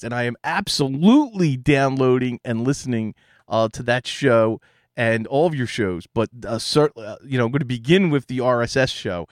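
A man's voice: medium pitch, dry recording, studio quality. A man with a Philadelphia accent hosting a podcast, chatting casually as he thanks listeners and answers their messages. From Philadelphia, USA. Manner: chatty, thanks callers, restarts sentences. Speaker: podcast host.

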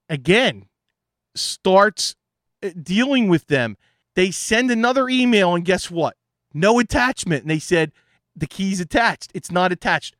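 A man's voice: on the high side, fairly bright tone, no room sound, studio quality. A man, an IT consultant, telling an exasperated story in a casual monologue.

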